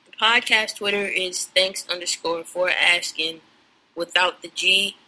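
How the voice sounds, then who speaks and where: Laid-back podcast co-host, bright voice. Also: medium pitch, fairly even intonation, unhurried, low-quality recording. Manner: laid-back, reads contact info for the outro. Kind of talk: casual podcast chat.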